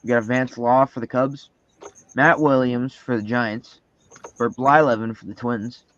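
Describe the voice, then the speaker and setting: A man with a Canadian accent hosting a live card break and reading off each card in a steady listing rhythm. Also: medium pitch, measured pace, no echo, muffled recording.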